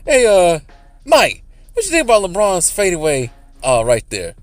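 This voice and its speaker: A man voicing a pushy male TV sports co-host who nags and interrupts in a high, loud voice. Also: wildly swooping pitch, normal speed, dry recording, faint music behind. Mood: prodding.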